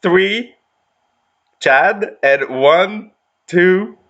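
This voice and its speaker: A man's voice: high voice, extremely slow, a bit bright, lo-fi sound. A man co-hosting a casual livestream, reading out the chat and counting votes unhurriedly.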